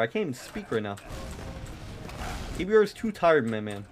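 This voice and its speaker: Excitable high-voiced young man gaming. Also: moderate pace, pauses often, faint music behind. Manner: excitable, swearing, rambling with many fillers. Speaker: streamer. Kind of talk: live gameplay commentary.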